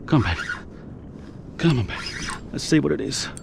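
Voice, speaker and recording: A young man commentates his own kayak fishing live, recorded outdoors on an action camera against a noisy background. He sounds exuberant, whooping and breathless with excitement, in a mid-range, creaky voice that moves fairly quickly.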